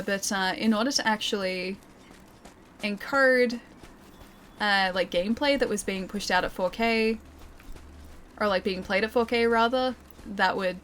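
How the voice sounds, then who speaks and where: A woman's voice: medium pitch, a bit bright, slight background noise. A young woman streaming a game, chatting casually with viewers, laughing often and reading comments aloud. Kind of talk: casual live-stream chat. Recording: game music playing underneath. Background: game music.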